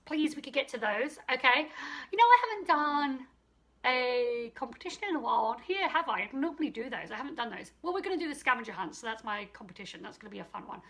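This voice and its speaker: A woman's voice: on the high side, animated, quick pace, fairly bright tone. A middle-aged woman, a psychic medium, chatting casually on a live stream into her phone, greeting viewers and answering their comments aloud.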